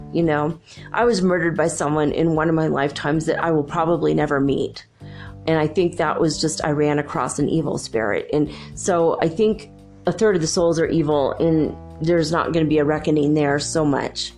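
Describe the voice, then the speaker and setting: A woman's voice: fairly low pitch, a little mellow. A woman hosting a spiritual talk show, speaking in a rambling, chatty way with lots of filler words. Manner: rambling, chatty, full of "you know" and "like". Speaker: podcast host.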